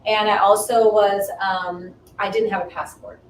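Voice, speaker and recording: A woman in her fifties sharing a personal story in casual chat, animated and acting out the dialogue she quotes. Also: measured pace. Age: 50s. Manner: animated, acts out quoted dialogue with rising pitch. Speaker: guest. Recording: echoey room, mic at a distance, faint noise.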